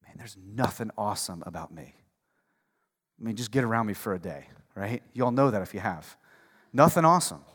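A male pastor preaching a conversational sermon, swinging between hushed, intimate stretches and loud, fired-up passages. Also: fairly low pitch, animated, brisk. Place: church sanctuary. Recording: long reverb of a large hall.

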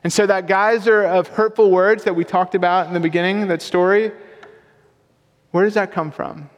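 A man's voice: sits high, steady tone, normal speed. A young man preaching a sermon as a pastor, casual and conversational with self-deprecating humor. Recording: long hall reverb.

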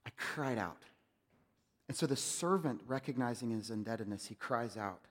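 A male pastor preaching a sermon, swinging from loud urging to hushed near-whispers. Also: medium pitch, lively intonation, moderate pace, big-room sound.

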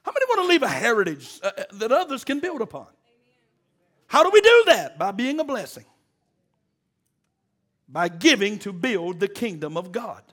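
High-voiced preacher, folksy. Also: male voice, very animated, moderate pace, a bit bright. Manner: call-and-response exhorting, folksy and joking. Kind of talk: sermon.

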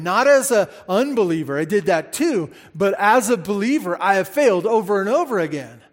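A man preaching a sermon as pastor, emphatic and animated, repeating words for stress and speaking straight to the congregation. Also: sits high, a little fast, hardly any pauses. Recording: hall reverb.

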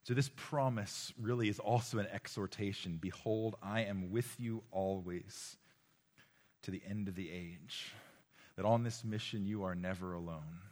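A man delivering a sermon to a room of young people, his low-pitched voice swinging between loud, urgent exhortation and quiet, hushed lines. He often repeats words and restarts phrases as he speaks. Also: unhurried. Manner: impassioned, rising and falling between loud exhortation and hushed tones. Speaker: preacher. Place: room with a live audience.

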